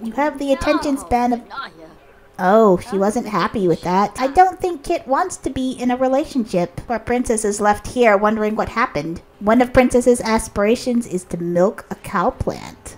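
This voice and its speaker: A woman giving casual commentary over a life-sim game, chatting to her characters and reacting with quick exclamations. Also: a little high. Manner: chatty, talks to her sims, lively reactions. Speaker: let's play host.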